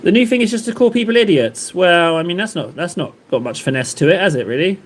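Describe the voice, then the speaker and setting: Male stream host, high-pitched, loose and jokey, talks in fits and starts with constant fillers. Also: animated, fast. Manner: rambling, jokey, lots of fillers and self-interruptions. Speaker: livestream host. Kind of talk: casual chat with live chat readers.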